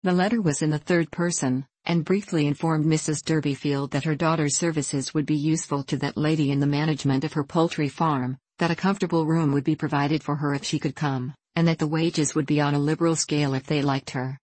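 A woman narrating an audiobook in a measured way, giving the characters light voices. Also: sits low, steady tone, darkish tone, no room sound.

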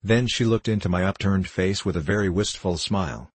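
A man narrating an audiobook in a measured, deliberate storytelling manner. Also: deep voice, husky, dry recording.

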